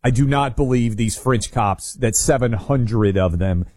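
A man's voice: mid-range voice, a little slow, a little mellow, dry recording. A man co-hosting a talk radio show, chatting casually and wryly owning up to his own biases. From Nashville, USA. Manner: confessional, wry. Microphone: studio microphone.

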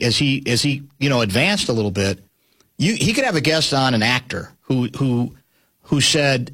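A man's voice: mid-range voice, fairly bright tone. A man hosting a sports radio show, chatting with a guest and telling anecdotes. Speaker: radio host. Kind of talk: casual radio sports talk.

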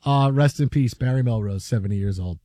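A man hosting a sports radio show, telling a story in an animated, rambling way full of fillers from a radio studio. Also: mid-range voice, a little fast, dry recording. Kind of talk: casual storytelling chat.

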